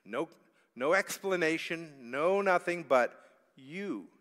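A pastor delivers a sermon in a church sanctuary, his voice sitting a little high for a man. He moves from quiet, reflective asides to loud, pleading outbursts. A long reverb trails each phrase through the hall. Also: expressive, slow. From Canada. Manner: dynamic, swings from hushed to loud pleading.

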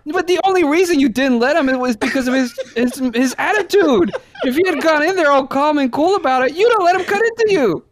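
Animated joking man. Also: very high voice, a little fast, few pauses. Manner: joking, animated, laughs often. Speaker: podcast co-host. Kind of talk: casual storytelling chat.

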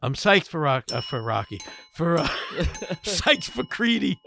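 A man's voice: fairly high pitch, sing-song, measured pace, creaky, bright, forceful tone, faint music behind. A man co-hosting a comedy podcast, joking, laughing and stammering in casual chat. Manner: jokey, stammering, laughs often. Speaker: podcast co-host.

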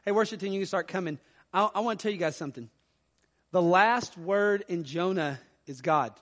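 A man preaching a sermon as pastor, animated, reading scripture aloud and rising loud to stress his points. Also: high-pitched, long reverb tail. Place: church sanctuary.

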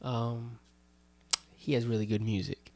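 A man's voice: mid-range voice, steady tone, unhurried, darkish tone, no echo. A young man hosting a podcast, chatting casually and joking with friends. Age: young adult. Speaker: podcast host. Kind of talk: casual chat.

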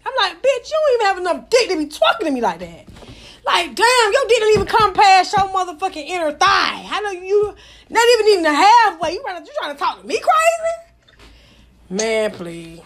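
Brash, profane high-voiced woman. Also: fairly bright tone. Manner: brash, profane, mocking, laughs often. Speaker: storyteller. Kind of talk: casual raunchy storytelling.

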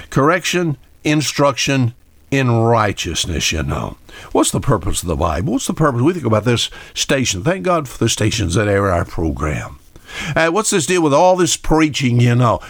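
A man's voice: mid-range voice, dry recording. Older man, homespun radio preacher, dry close studio sound, talks straight to listeners. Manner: folksy, asks listeners directly. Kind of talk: radio Bible sermon.

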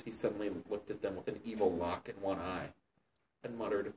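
A man co-hosting a comedy show, reading a fan fiction aloud dramatically and laughing at it, sometimes putting on squeaky voices. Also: fairly quick, recorded from a distance, slight background noise, low-quality recording. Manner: mocking, laughing, breaks into loud squeaky character voices.

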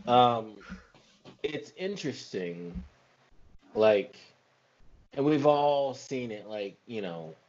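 A man with a slightly husky, mid-pitched voice talks loosely and animatedly in a casual chat, circling his points with plenty of fillers. The recording is a bit dull and lo-fi. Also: takes it slowly, pauses often. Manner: rambling, animated, many fillers.

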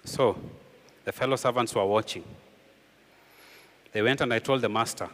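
A man preaching a sermon as pastor, emphatic, with rhetorical questions, often sinking low and quiet to drive a point home. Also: normal speed, long pauses, big-room sound.

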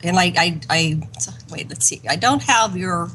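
A woman hosts a radio talk show, talking hesitantly with many fillers while she searches for something. Her voice is bright and sharp. A faint hiss sits beneath it. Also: fairly low pitch, animated, a little slow, low-quality recording. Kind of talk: casual radio chat.

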